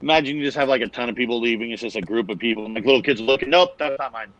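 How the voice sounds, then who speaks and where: A man's voice: mid-range voice, steady tone, rapid-fire, a bit bright, dull audio, slight background noise. A man from the Bay Area co-hosting a podcast, talking casually with many fillers. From San Francisco Bay Area. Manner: rambling, hesitant, many fillers. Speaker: podcast co-host. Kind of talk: casual chat.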